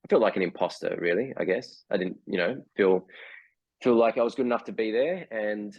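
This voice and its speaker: Aussie guy in his forties on a video call, deep voice, lots of ums and restarts, dry sound. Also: brisk, no echo, lo-fi sound. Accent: Australian. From Australia. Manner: hesitant, many fillers and restarts. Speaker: guest actor. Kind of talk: casual interview over video call.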